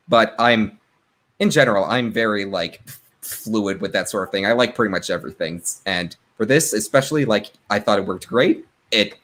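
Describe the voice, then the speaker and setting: A man's voice: lowish voice, a bit bright. A man on a podcast panel, talking in a loose, rambling way with plenty of fillers. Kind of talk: casual chat.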